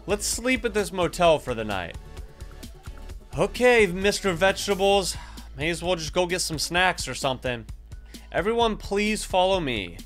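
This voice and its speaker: A plain-spoken bus driver , as a man plays him gives the group instructions in a matter-of-fact tone. His voice sits slightly high. Faint music runs under it. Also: very animated, moderate pace, a bit bright.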